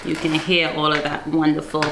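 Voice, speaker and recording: A woman's voice: low-pitched, flat delivery, moderate pace. A woman hosting a home cooking vlog in her kitchen and encouraging her child as they bake. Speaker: host and mother. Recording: echoey kitchen with faint noise.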